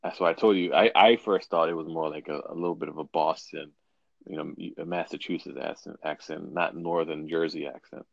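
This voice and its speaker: A man's voice: rumbling low, steady tone, brisk, creaky, no room sound, dull audio. A man hosting a casual podcast chat, rambling with frequent restarts. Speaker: podcast host.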